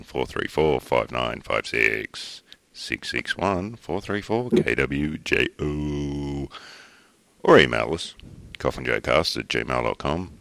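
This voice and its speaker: A man's voice: extremely low pitch, gravelly, fairly bright tone, no room sound. A man with an Australian accent hosting a podcast, joking and teasing his co-hosts in casual banter. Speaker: podcast host.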